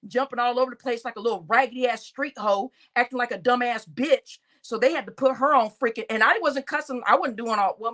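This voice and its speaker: Profane, fired-up woman venting to viewers. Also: a little high. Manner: animated, profane storytelling rant; talks straight to her audience as y'all. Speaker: channel host.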